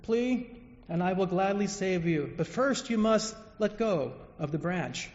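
A man voicing God answering from the clouds, loud and measured. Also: high-pitched, animated. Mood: solemn. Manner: loud, measured, reassuring pronouncements. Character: calm, booming voice of God from the clouds. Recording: echoey hall, dull lo-fi sound.

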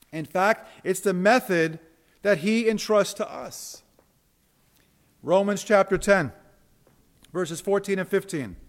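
A man preaching a sermon in an emphatic style, swinging between loud declarations and hushed asides, sometimes repeating words as he restarts. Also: high voice. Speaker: pastor.

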